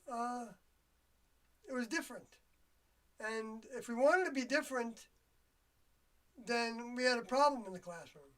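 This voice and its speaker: Talking alone on a livestream, an older host drifts through a loose, reflective monologue in a mid-range, fairly bright voice. Phrases come out halting and trail away while the speaker searches for words, and the mic picks him up from a little distance.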